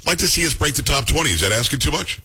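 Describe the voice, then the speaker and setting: Fast, bright-voiced male radio host. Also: fairly high pitch, expressive, slightly rough. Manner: chatty, joking, quick asides. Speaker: radio talk show host. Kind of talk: casual talk radio banter. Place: radio studio.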